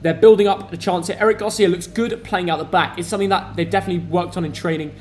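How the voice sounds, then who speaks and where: A young man hosting a live football watch-along stream, chatty and excitable, talking to his viewers. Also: sits high, very fast, slight background noise. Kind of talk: casual live match watch-along commentary.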